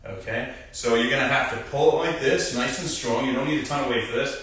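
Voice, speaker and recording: A young man in a casual coaching style talks viewers through exercises, and his voice sits at an ordinary pitch. He is recorded in a very echoey clinic room. At times he moves away from the mic. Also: brisk, a bit bright, far from the mic. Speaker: physical therapist host. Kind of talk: live-stream exercise demonstration.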